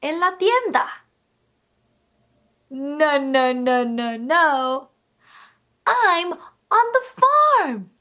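Very high, sing-song bilingual teacher woman. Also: sing-song, extremely slow, pauses often, sharp tone. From United States. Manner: sing-song, exaggerated, switches between English and Spanish; imitates animal sounds. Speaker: bilingual speech therapist teaching children. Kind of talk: slow, animated teaching for toddlers.

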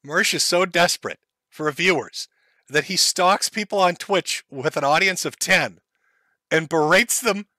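A man's voice: high-pitched, unhurried, sharp tone, dry recording. A male streamer host giving crude, sarcastic commentary on clips, laughing at them.

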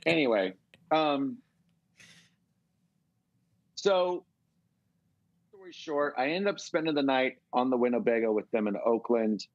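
A middle-aged man from California, telling a long, animated story as a guest in a casual interview. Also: mid-range voice, a little slow, long pauses, dry recording, muffled recording. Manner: rambling, animated storytelling with swearing. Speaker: guest musician.

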